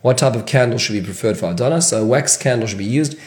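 A man's voice: mid-range voice, fast talker, a little mellow, reverberant. A man teaching a question-and-answer lesson on Jewish law, often restarting his sentences as he goes. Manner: question-and-answer delivery with frequent restarts and fillers. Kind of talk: Q&A-style halachic lesson.

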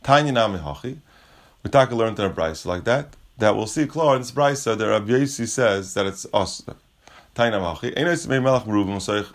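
A man teaching a Talmud lesson, reading Aramaic lines and explaining them casually in English. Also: on the low side. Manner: casual, restates points, frequent restarts.

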